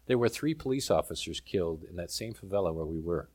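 A man from South Africa preaching a sermon, telling a lively story with humor. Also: deep voice, quick pace, slightly rough.

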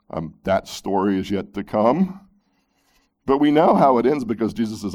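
A man preaching a sermon, reading scripture aloud and commenting on it, moving between loud emphatic peaks and hushed low phrases. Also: big pitch swings, normal speed. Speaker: pastor.

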